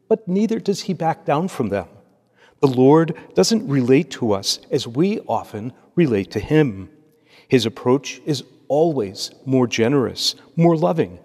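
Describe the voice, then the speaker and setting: A man as a priest, reading scripture and preaching a homily in a measured, steady cadence. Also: medium pitch. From United States. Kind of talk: liturgy and homily. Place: church. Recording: long church reverb.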